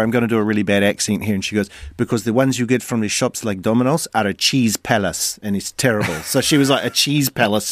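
A man's voice: mid-range voice, dry recording, studio quality. A man hosting morning radio news, chatty and jokey between read items. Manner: jokey, chatty, reads figures aloud. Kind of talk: casual morning radio banter.

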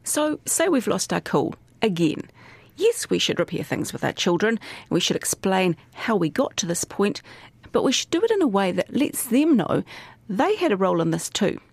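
A woman hosting and narrating a podcast in a measured, scripted way. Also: medium pitch, sing-song, creaky, slightly rough, dry recording. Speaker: host narrator.

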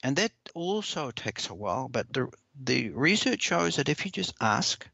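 A man answering interview questions in a measured, earnest way, often repeating words as he explains. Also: mid-range voice, big pitch swings, gravelly, bright, forceful tone, breathy edge, dry recording. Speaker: parenting expert guest. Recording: dull lo-fi dry recording.

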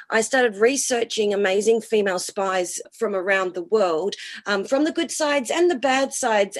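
A woman, a cabaret and burlesque performer, talking enthusiastically as a guest in a radio interview, piling up long lists. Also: a little high.

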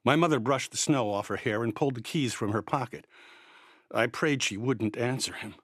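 A man narrating a first-person story in a measured, quietly tense way. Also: mid-range voice, husky, dry recording, clean studio sound.

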